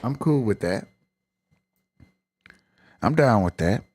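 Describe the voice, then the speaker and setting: A man's voice: lowish voice, lively intonation, slow pace, a little mellow, dry recording. Emphatic, colloquial male streamer, dry sound. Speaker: live-stream host. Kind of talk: casual live-stream commentary.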